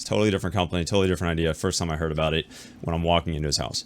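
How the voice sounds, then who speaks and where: A man with a deep voice tells a business story straight to his viewers in a loose, casual way. He talks quickly, with lots of repeats and restarts, and he acts out the other people he is talking about. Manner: animated retelling, acting out the other people in the story; fast and conversational, with repeats and restarts. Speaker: YouTuber telling a business story.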